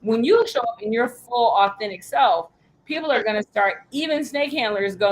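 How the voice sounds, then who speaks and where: A woman's voice: fairly high pitch, expressive, moderate pace, rough recording. A woman business coach teaching a live workshop, telling stories with lots of energy, acting out quoted voices and swearing casually.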